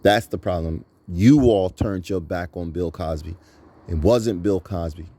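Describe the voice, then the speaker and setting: A man in his thirties with a lowish, mellow voice delivers a preaching monologue to his audience. He talks emphatically and leans on repetition, piling up phrases like a rally speaker. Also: measured pace. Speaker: channel host.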